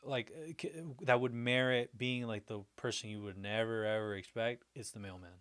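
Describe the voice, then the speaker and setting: A man's voice: mid-range voice, steady tone, moderate pace, a bit bright, clean tone. Chatty, rambling man hosting a livestream. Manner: chatty and rambling, with frequent restarts and "like"; upbeat and friendly toward viewers. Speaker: livestream host. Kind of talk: casual livestream chat reacting to viewer comments.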